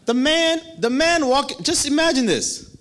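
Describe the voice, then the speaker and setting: Man, sermon, high voice, swooping delivery, playful, acts out voices. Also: very animated, moderate pace, a bit bright. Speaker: preacher.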